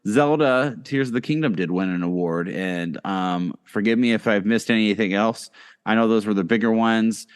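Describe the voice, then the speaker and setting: A man's voice: on the low side, moderate pace, clear, resonant tone. A man co-hosting a casual podcast, talking loosely with many fillers and restarts. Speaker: podcast co-host.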